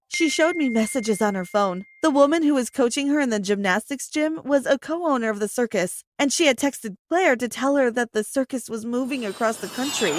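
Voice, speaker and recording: A woman's voice: on the high side, a little hiss or hum. A young woman telling a first-person story as scripted narration, earnest and emotional. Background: faint background music.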